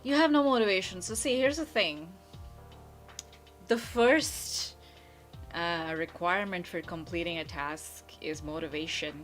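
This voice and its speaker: A woman's voice: on the low side, unhurried, fairly bright tone, faint music behind. A woman from India who runs a channel, giving blunt, playful advice to viewers in a casual chat from home, laughing easily. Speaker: YouTuber answering viewer questions.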